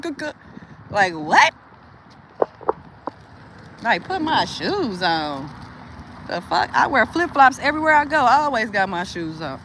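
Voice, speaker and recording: An animated woman with speech vents straight to her camera, cursing freely and breaking into laughs. Her voice sits on the high side. Faint traffic hums behind her. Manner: animated, profane, laughs often. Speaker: vlogger. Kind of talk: casual venting monologue.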